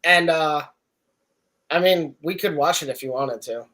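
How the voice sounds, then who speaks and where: A relaxed man chats and jokes on a podcast. His voice sits a little high, and he speaks in an easy, offhand way. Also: unhurried. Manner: easygoing, joking. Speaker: podcast co-host. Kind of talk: casual chat.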